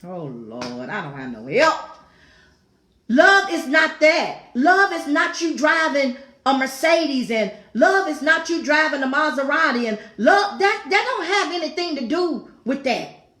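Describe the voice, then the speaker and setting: Fervent high-voiced woman preaching. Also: lively intonation, measured pace, a bit bright. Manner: fervent, repeats phrases, exclaims asides. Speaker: talk show host teaching scripture. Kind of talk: preaching-style devotional talk. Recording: echoey room.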